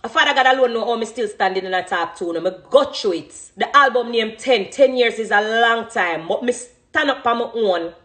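A woman's voice: fairly high pitch, normal speed, hardly any pauses, fairly bright tone. A woman in her thirties with a Jamaican accent speaking passionately and emphatically about her career, full of thanks. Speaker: dancehall artist. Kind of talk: emotional spontaneous speech.

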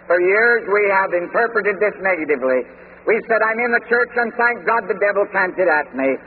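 Guy preaching, high-ish voice, sounds like an old phone-thin tape with a long echo. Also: expressive. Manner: measured, emphatic preaching with scripture quotes. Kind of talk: sermon. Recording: tinny lo-fi sermon tape in a reverberant hall with faint noise.

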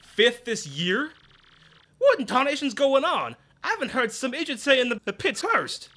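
A man voicing a folksy, loud male boss with a hearty country drawl. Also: very high-pitched, sing-song, normal speed, voice pushed up, full character voice.

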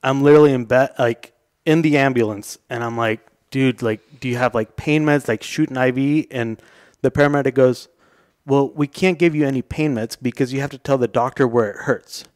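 A young man recounts a story in relaxed, casual talk, cursing often and chuckling as he goes. His voice sits at a middle pitch. The sound is dry, with no room around it. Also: fairly quick, no room sound. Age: young adult. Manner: laid-back, swearing, laughing through his story. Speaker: podcast guest.

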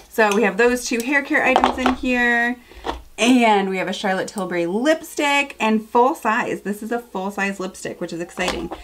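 Woman, 30s, casual beauty vlogger, chatty and gushing, faint background hiss. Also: medium pitch. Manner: chatty, gushing, lots of fillers and asides. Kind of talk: casual haul review to camera. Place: home.

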